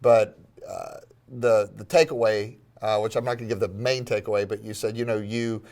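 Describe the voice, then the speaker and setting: A man hosting an interview, enthusiastic but halting with fillers. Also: lowish voice, steady tone, a little mellow. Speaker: host. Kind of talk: casual interview.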